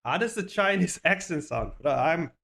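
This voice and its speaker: A man's voice: a little high, expressive, normal speed, vocal fry, a bit bright. A man chatting casually to his livestream viewers, rambling, laughing often and swearing freely. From South Africa. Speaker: streamer.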